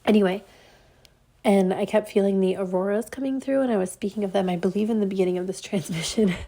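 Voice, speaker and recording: A woman's voice: medium pitch, fast talker, warm tone, no echo. Dreamy rambling woman channeling a message. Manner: rambling, dreamy, many fillers like "like" and "um". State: congested and stuffy. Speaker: spiritual channeler. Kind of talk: casual spoken channeling message. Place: outdoors at dusk.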